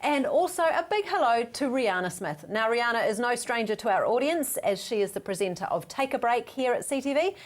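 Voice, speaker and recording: Animated New woman host. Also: fairly high pitch, brisk, few pauses. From New Zealand. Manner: upbeat, expressive presenter. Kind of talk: TV panel hosting.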